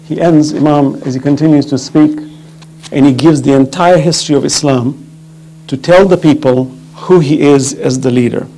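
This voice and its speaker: Man, higher pitch, impassioned lecture, fervent storytelling. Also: moderate pace, dark tone, soft background music, rough recording. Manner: fervent storytelling with rising emphasis. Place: mosque or religious center hall.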